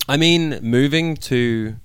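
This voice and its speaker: A young British man, a wrestler, chatting casually in an interview with playful deadpan jokes. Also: mid-range voice, takes it slowly, clean tone. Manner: joking, playful, deadpan asides. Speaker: wrestler guest.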